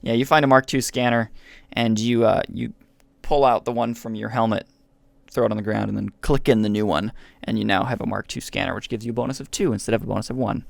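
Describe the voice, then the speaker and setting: A man's voice: lowish voice, steady tone, fast talker, vocal fry, no echo. A man running a tabletop game as game master, explaining the rules patiently in an easygoing way.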